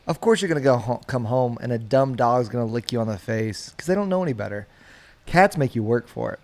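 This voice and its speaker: A male podcast co-host arguing his side in a casual mock debate, persuasive and fond of dramatic pauses. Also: medium pitch, lively intonation, darkish tone.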